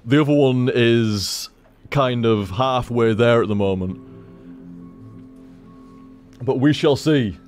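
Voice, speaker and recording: A man's voice: medium pitch, slow pace, pauses often, darkish tone, faint music behind. A man streaming from home at his computer, rambling casually to viewers, swearing freely and repeating himself. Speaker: game streamer.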